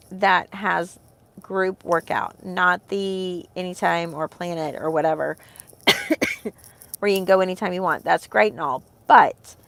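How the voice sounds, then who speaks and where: Gravelly-voiced woman in rambling heartfelt chat. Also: mid-range voice, fairly bright tone. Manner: rambling, heartfelt, with many fillers. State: emotional, close to tears. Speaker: vlogger, homeschooling mom. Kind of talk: casual chat to camera.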